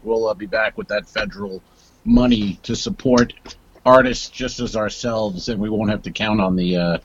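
A man's voice: medium pitch, lively intonation, moderate pace, dull audio, noisy background. A man co-hosting a comedy podcast, teasing and rambling in casual chat. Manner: teasing, rambling, mock-offended. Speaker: podcast co-host.

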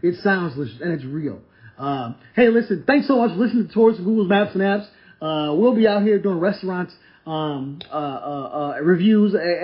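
A man hosting a podcast, reviewing a restaurant in a casual, enthusiastic monologue full of repeats and stumbling restarts. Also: high-pitched. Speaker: podcast host. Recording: slightly dull lo-fi audio.

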